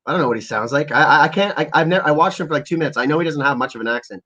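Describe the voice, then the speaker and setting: Man, livestream host, slightly high voice, profane rambling rants, reads viewer comments. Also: very fast, few pauses, bright, forceful tone, husky, dull audio. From Canada. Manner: profane, rambling political ranting. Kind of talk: casual livestream rant.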